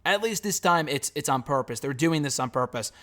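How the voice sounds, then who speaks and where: A man's voice: fairly high pitch, expressive, fairly quick, pushed and bright. Blunt, profane man reviewing. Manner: blunt, sarcastic, swears freely. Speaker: wrestling show reviewer. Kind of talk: casual spoken review.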